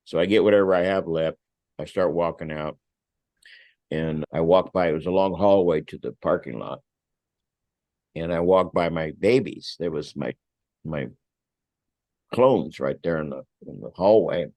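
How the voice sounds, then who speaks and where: Deep-voiced older man telling a story. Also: normal speed, long pauses, dry recording. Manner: animated, acts out voices, swears freely. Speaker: guest, vineyard owner. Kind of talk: casual anecdote telling.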